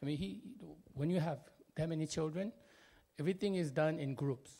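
Gravelly, high-pitched man. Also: brisk. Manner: expressive, jumps between loud and quiet, frequent fillers. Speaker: speaker telling a family story. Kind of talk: animated personal storytelling.

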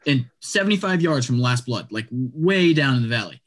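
Animated man telling a hunting story. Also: mid-range voice, moderate pace. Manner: animated, acts out quotes, lots of "like". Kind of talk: casual storytelling.

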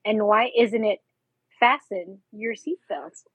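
A woman with a husky voice co-hosting a podcast in casual chat, cracking dry puns. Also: mid-range voice, takes it slowly, fairly bright tone, no room sound. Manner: dry punning humor. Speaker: podcast co-host.

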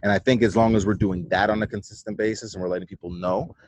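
A man's voice: lowish voice, fairly even intonation, fast talker, darkish tone. A man speaking as a podcast guest over a remote call, emphatic and casual, swearing freely. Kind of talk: casual conversation.

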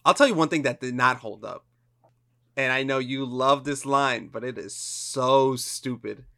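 Bright-voiced man hosting a chatty film podcast. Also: measured pace, vocal fry. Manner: animated, emphatic, jumps into high mocking quotes. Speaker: podcast co-host. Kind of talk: casual chat.

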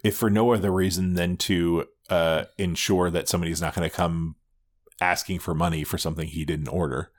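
A man's voice: sits low, fairly even intonation, a little fast. A man co-hosting a podcast, chatting casually, swearing often and restarting his sentences. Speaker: podcast co-host. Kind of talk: casual chat.

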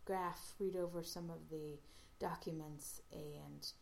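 Low raspy-ish woman host, gravelly, lots of uh and um, faint hiss behind. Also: steady tone, darkish tone. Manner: halting, many fillers and restarts. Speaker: podcast host recapping an episode. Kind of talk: casual retelling.

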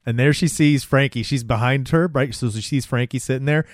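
Mid-pitched voice, dry close sound, relaxed, casual recap. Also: brisk, dry recording. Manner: relaxed, frequent short agreements. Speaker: co-host recapping a show. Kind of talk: casual chat.

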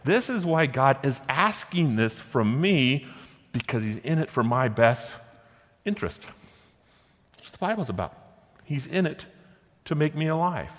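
A man preaching a sermon, posing rhetorical questions and slowing down to stress scripture verses. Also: mid-range voice, sing-song. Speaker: pastor. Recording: long hall reverb.

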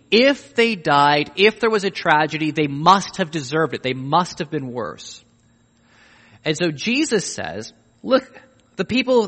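Male preacher, emphatic sermon delivery, high and very animated voice, big reverberant church. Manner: emphatic, swings from loud rising pleas to low quiet endings. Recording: long reverb of a large hall.

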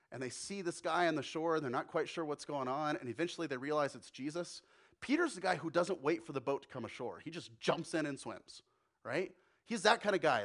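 A man preaching a sermon as pastor, conversational and animated, acting out quotes. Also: fairly high pitch.

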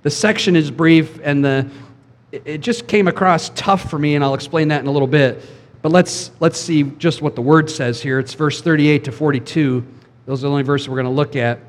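A man's voice: a little high, normal speed. A man preaching a sermon as pastor, in a conversational style, often asking the congregation questions. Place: church sanctuary. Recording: long church hall reverb.

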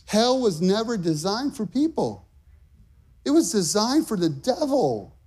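Middle-aged male preacher, high voice, passionate pulpit delivery. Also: sing-song, a little slow, breathy edge. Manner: impassioned, emphatic preaching with rising shouts. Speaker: pastor. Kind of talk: sermon.

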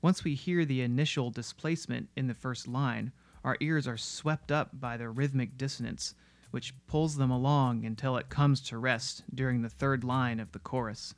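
A man giving scripted narration that explains music in an analytical, steady way. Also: mid-range voice, normal speed. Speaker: music video essayist.

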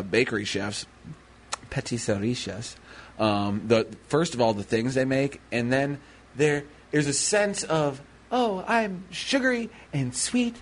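A man co-hosting a radio show, talking in loose, rambling banter. He is playful and keeps drifting into silly put-on voices mid-story. His pitch sits in the middle range for a man. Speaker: radio co-host. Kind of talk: casual banter.

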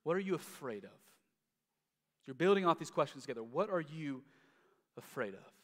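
A man preaching a sermon in a relaxed, conversational way, repeating and restarting his words as he goes. His voice sits a little high for a man. A long reverb trails after him, as in a large church hall. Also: moderate pace. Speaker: pastor.

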